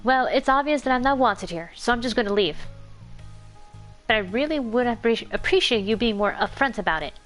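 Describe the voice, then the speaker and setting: A woman's voice: fairly high pitch, expressive, moderate pace, fairly bright tone, faint music behind. A woman voicing a prickly, bratty teenage girl who talks back defensively. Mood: indignant. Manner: snappy and defensive.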